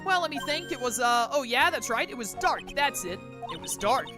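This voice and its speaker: A woman's voice: high-pitched, lively intonation, moderate pace. A woman voicing a flustered young spirit-medium girl. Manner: scatterbrained, stammering. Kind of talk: reading game dialogue aloud. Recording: game music behind voice.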